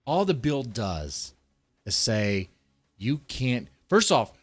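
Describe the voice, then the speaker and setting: A man streaming heated political commentary, his voice swinging widely from low grumbles to sharp angry jumps. He swears constantly and breaks off to read articles aloud. His voice sits at an ordinary middle pitch. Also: big pitch swings, slow, breathy edge, no room sound. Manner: profane, heated, swearing often; reads articles aloud between outbursts. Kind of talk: ranting commentary.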